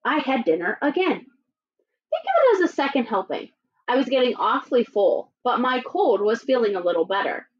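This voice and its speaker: A teacher with a slightly high voice, at normal speed, reads as a sly, chatty male storybook wolf telling his side of the story. Her delivery is lively and playfully indignant, and the recording is dull and lo-fi.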